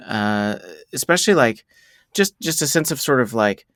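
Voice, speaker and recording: A man sharing reflections as a podcast guest, halting, with many fillers and restarts. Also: medium pitch, lively intonation, fairly bright tone, dry recording, studio quality.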